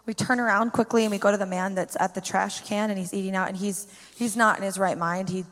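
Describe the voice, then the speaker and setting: A woman pastor telling a personal faith story in an animated way, with lots of "like" fillers. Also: medium pitch, fast, long reverb tail. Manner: animated storyteller, heavy use of "like".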